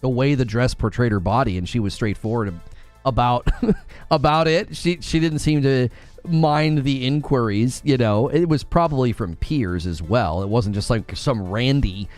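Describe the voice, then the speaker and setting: A man's voice: medium pitch, expressive, moderate pace, a little mellow, faint music behind. An American man hosting a co-stream, chatting casually and rambling, with many fillers. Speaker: co-stream host. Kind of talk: casual chat.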